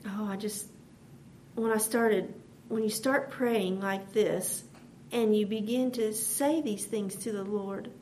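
A woman's voice: medium pitch, slow, darkish tone, slight background noise. A woman preaching a devotional sermon in an earnest way, repeating phrases as she builds her point.

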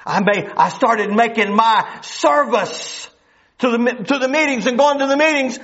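A man's voice: very high voice, unhurried, fairly bright tone. A man preaching a sermon, emphatic and full of rhetorical questions, on a dull lo-fi recording.

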